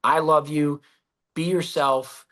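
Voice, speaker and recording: A man being interviewed as a guest, telling stories in a lively, casual way, acting out quotes and swearing freely. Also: on the high side, slow pace. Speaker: guest, business founder. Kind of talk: storytelling in a podcast interview.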